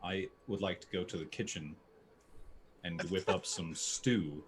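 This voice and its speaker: A man's voice: low voice, measured pace, slight background noise. A man playing a tabletop game, talking in a playful, joking way. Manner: playful, joking, laughs often. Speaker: player.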